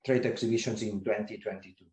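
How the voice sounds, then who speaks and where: A man, secretary general of an industry association, answering interview questions in a formal, measured way with occasional restarts. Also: on the low side, steady tone, a little mellow. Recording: roomy echo.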